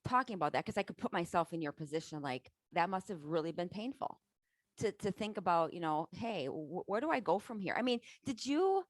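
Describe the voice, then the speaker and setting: A woman's voice: lowish voice, animated, a little fast, dry recording. A woman hosting an interview, encouraging her guest and asking long, winding questions. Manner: warm and encouraging, asks long rambling questions. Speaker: host.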